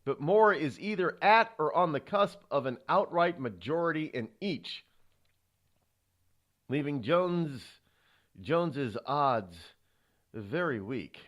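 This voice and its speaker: A male talk show host giving political commentary, halting often with restarts and sighs. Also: fairly high pitch, lively intonation, fairly bright tone.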